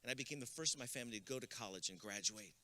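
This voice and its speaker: A man's voice: medium pitch, rapid-fire, bright, forceful tone. A man from Texas giving a graduation keynote, telling comic stories and building to a rousing close at a podium microphone. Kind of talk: motivational storytelling speech. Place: school graduation ceremony.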